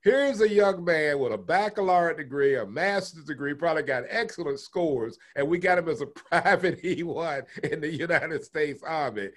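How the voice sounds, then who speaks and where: A blunt, exasperated army colonel, recalled by an older storyteller speaks slowly and plainly, with the odd curse. His tone swings from weary to emphatic. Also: fairly high pitch, lively intonation. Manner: blunt, swearing.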